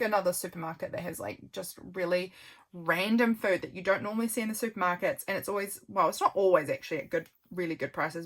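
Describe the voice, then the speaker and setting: A woman chatting casually while flipping through her journal, rambling with lots of "um" and "like", her voice worn out from a long filming session. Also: mid-range voice. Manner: rambling, with frequent "um" and "like" and soft laughs. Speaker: junk journal vlogger.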